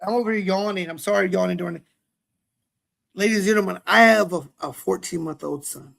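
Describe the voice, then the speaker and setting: A man's voice: sits high, fairly quick, vocal fry, a bit bright. A young man co-hosting a podcast, talking candidly with a rambling, self-deprecating manner over a webcam at home. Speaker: podcast co-host. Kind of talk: casual chat. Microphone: webcam, set high.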